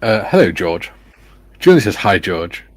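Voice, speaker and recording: A man hosting a casual livestream chat who reads viewer comments aloud in a relaxed way. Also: deep voice, measured pace, no room sound. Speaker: stream host.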